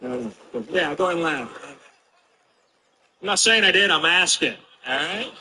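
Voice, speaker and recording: A man with a drawl delivers a stand-up routine, his voice very bright and sharp-edged, pitched a little above most men. He rambles through a story and keeps snapping back at the crowd in mock defense. A faint noise sits under the recording. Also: lively intonation, unhurried. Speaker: stand-up comedian.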